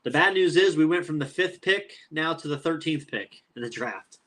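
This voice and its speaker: A man's voice: on the high side, animated, moderate pace, fairly bright tone. A man in his thirties co-hosting a sports podcast, talking trash about a rival team's fan in casual chat. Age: 30s. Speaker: podcast co-host.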